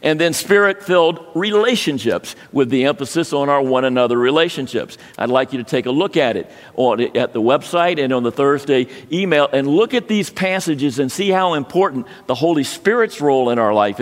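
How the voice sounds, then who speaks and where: A man preaching a sermon, telling a personal story in a halting way with frequent restarts. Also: on the high side, lively intonation. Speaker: pastor. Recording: long hall reverb.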